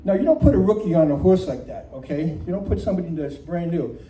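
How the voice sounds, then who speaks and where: A man telling a comic true story at a live storytelling night, animated and self-mocking, often laughing as he talks. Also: a little high, fast. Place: community center room. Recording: echoey room from far off, faint noise.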